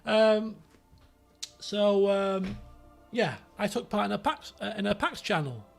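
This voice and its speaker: Yorkshire man, streamer, raised pitch, gravelly, rambling casual chat, faint music under. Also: slow. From Yorkshire, England. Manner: rambling, many fillers and restarts.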